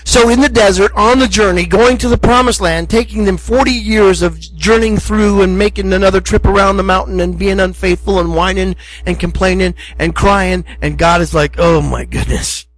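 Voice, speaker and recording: A man's voice: sits high, steady tone, normal speed, few pauses, rough recording. A middle-aged male pastor preaching a sermon in a conversational, emphatic way, acting out short asides.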